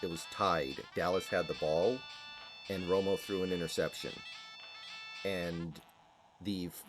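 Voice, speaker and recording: Deep-voiced man swearing through casual chat. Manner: profane, storytelling. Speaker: streamer.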